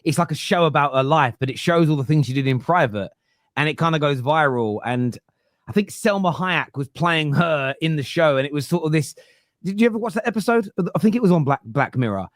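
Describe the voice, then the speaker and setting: A man hosting a casual football podcast, rambling and animated as he talks. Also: on the high side, brisk, no room sound, clean studio sound. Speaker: podcast host.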